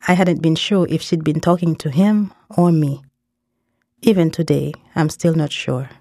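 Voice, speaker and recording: A woman reading a first-person story aloud in a measured way, dropping in short phrases in another language. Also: low-pitched, dark tone, dry recording, studio quality. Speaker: narrator. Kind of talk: scripted story narration.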